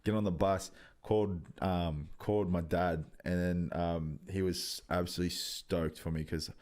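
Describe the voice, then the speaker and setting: Young australian man, very low voice, rambling storyteller, swears a lot, lots of ums. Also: steady tone, moderate pace, darkish tone. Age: 20s. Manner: loose storytelling, heavy swearing, many ums. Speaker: podcast guest, rugby league player. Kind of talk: casual podcast chat.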